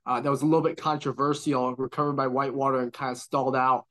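A man co-hosting a college football podcast, talking in a measured, analytical way with lots of "you know" and "right?". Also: medium pitch, flat delivery, fairly bright tone. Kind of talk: casual sports analysis chat.

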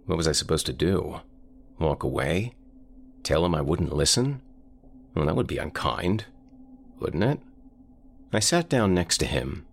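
A man narrating a first-person horror story in a measured, deliberate way. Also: extremely low pitch, gravelly, a bit bright, a little hiss or hum. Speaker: voice actor narrator.

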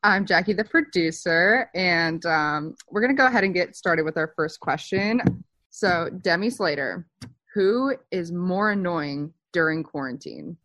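A woman producer reads out game questions in an upbeat way, her voice lowish for a woman but moving freely up and down. The sound is dry. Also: animated, unhurried, a bit bright, no echo.

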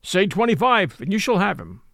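A man's voice: high voice, very animated, normal speed, creaky, fairly bright tone, no room sound, studio quality, exaggerated voice. A man voicing a persuasive horse salesman bargaining at a fair, in a storybook reading.

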